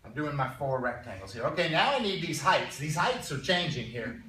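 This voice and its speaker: A male math teacher lecturing a classroom in a conversational way, often clearing his throat and checking in with his students. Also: fairly high pitch, very animated, normal speed, bright, forceful tone. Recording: roomy classroom sound from a distance.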